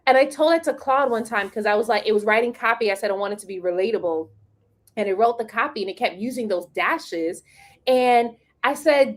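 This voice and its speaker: Animated woman hosting a casual live chat. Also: on the high side, brisk. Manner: animated, playful, acts out quotes. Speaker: host of a business live stream.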